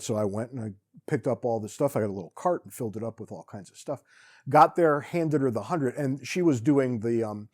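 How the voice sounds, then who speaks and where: A man casually telling his own travel stories as a podcast host, wry and relaxed, often restarting his sentences. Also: medium pitch. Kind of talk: casual storytelling monologue.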